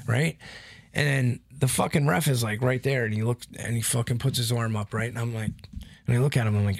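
A man chatting casually as a podcast co-host, his voice gravelly with a rough edge. He talks in a loose, profane, animated way. The sound is dry and close, with no room around it. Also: mid-range voice, a little fast, no echo. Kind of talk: casual chat.

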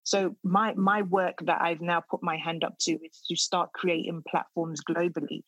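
Middle-aged woman, podcast guest, husky and heartfelt, dry close sound. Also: fairly low pitch, little pitch movement, moderate pace, dry recording, low-quality recording. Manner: earnest, heartfelt, with many restarts. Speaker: podcast guest, speaker on trauma. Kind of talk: casual interview conversation.

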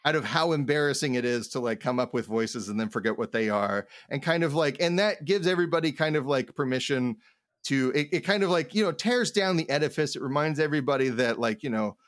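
A man's voice: medium pitch, animated, brisk, fairly bright tone, no room sound, studio quality. A man co-hosting a tabletop gaming podcast, talking in a loose, rambling way full of restarts and "like, you know". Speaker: podcast co-host, game master. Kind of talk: casual chat.

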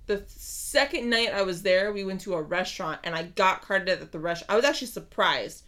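A young woman in her twenties, co-hosting a casual chat podcast and telling stories with animated delivery, swearing and laughing. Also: medium pitch, a little fast. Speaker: podcast co-host.

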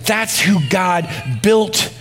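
A male pastor preaching a sermon in a confessional tone, swinging between hushed reflection and exclamation. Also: high-pitched, fairly even intonation, very slow, faint music behind.

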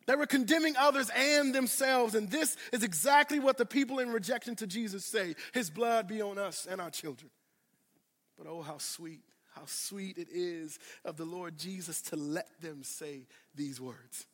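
Guy preaching, pretty high voice, gets loud then drops real quiet, repeats stuff to the church. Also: moderate pace, few pauses, big-room sound. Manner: dramatic preaching, swinging from loud to hushed; addresses congregation directly, repeats phrases for emphasis. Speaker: pastor. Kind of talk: sermon.

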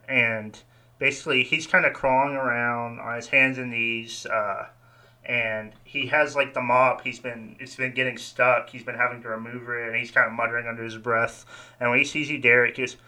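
A man narrating as game master of a tabletop game, relaxed and rambling. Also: medium pitch.

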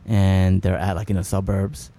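A man with a somewhat low, gravelly, mellow voice talks about a film in casual conversation. He hesitates a lot and keeps restarting his sentences. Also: level tone, normal speed. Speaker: film discussion co-host.

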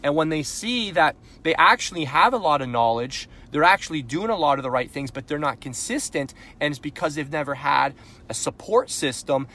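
A Canadian man, a sales coach and podcast host, delivers a live sales coaching talk that is blunt and punchy, firing off rhetorical questions and building to frustrated intensity. His voice is fairly high, bright and forceful, animated at a moderate pace.

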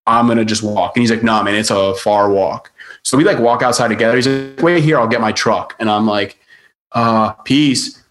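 A podcast guest with a lowish voice tells a touring story briskly in a casual chat. He's animated, acting out quotes and saying "like" often.

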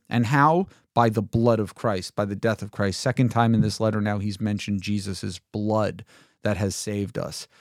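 A man teaching through a Bible passage in a relaxed, conversational way, reading verses aloud and asking rhetorical questions. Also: mid-range voice, no room sound, clean studio sound. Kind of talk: informal Bible commentary.

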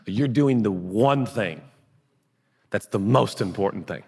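Husky, animated man preaching in a big hall. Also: on the low side, unhurried. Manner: animated, jokey, conversational preaching. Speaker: pastor. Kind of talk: sermon. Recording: long echoey hall reverb.

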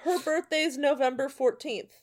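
A woman's voice: high-pitched, moderate pace. A woman playing a tabletop game, blunt and casual, swearing now and then. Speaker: player.

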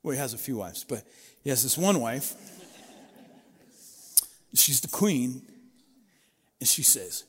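A man's voice: mid-range voice, slow, pauses often, breathy edge. Man preaching casually in a reverberant hall. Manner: conversational, storytelling with animated quoted voices. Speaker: pastor. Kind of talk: sermon.

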